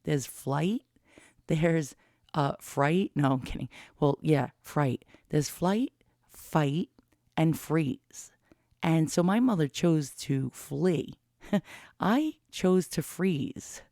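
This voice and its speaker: Very slowly and expressively, a woman in her fifties shares a personal story, candid and rambling, with blunt swearing. Her low-pitched voice is mellow. This vlogger records dry through a studio mic fitted with a pop filter.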